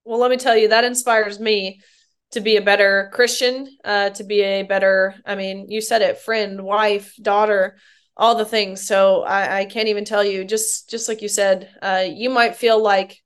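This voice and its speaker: A woman hosts an interview with a smooth, clear voice at an ordinary pitch. She responds warmly and affirmingly to her guest, pausing on small hesitations as she gathers her thoughts. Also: flat delivery. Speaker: interview host. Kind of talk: casual interview talk.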